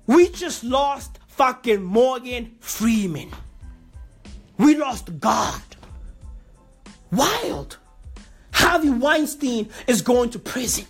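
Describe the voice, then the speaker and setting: A woman doing an excitable, profane comedic rant, packed with repeated slang catchphrases and sudden comic pitch jumps. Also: extremely slow, long pauses, breathy edge, faint music behind.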